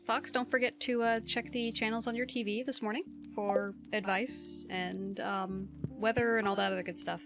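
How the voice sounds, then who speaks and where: A woman's voice: mid-range voice, steady tone, normal speed, gravelly, hardly any pauses, music in the background. A woman co-hosting a live game stream, casually explaining the game to her partner. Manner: helpful, explaining. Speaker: streamer co-host.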